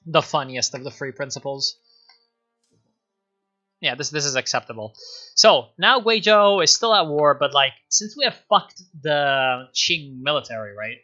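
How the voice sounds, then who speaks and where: A man streaming a strategy game, excitable, swearing and laughing as he comments on his moves. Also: on the high side, measured pace, lo-fi sound, soft background music.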